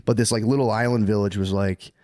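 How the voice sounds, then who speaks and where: A man's voice: on the low side, steady tone, fast talker, a little mellow. A man co-hosting a podcast, telling a history story in a rambling, profane, comedic way. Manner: rambling, profane, acts out characters with laughter. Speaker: podcast co-host.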